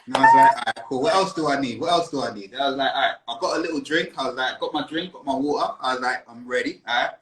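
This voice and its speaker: A man from South London, a guest on a casual live stream, telling stories with lively acted-out asides from his living room over a phone video call. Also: mid-range voice, fast talker, few pauses, echoey room, a little hiss or hum, low-quality recording. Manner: animated storyteller, acts out his own thoughts. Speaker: guest, musician and firefighter. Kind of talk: casual interview chat.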